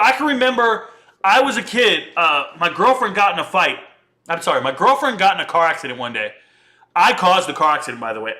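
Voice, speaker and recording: A man in his thirties giving casual, slangy commentary and telling a story in an animated, conversational way. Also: high voice.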